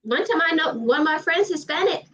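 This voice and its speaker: A Southern-accented woman from Georgia, USA, hosts a livestream, chatting casually in a high-pitched, bright, lively voice. She talks fast and emphatically and repeats herself, and the audio sounds distant and dull.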